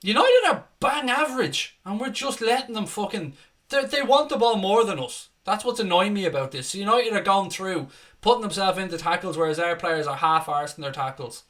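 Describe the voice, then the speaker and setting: A man's voice: sits high, a little fast, a bit bright. A young man giving live fan commentary on a football match, calling the play and breaking into angry, sweary rants. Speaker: fan watchalong host.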